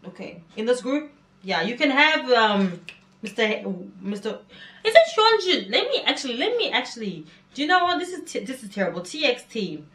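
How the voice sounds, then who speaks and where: A woman hosting a reaction video, chatting excitedly and repeating words in quick bursts. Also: fairly high pitch. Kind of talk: casual reaction commentary. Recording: echoey room with music behind. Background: music video playing.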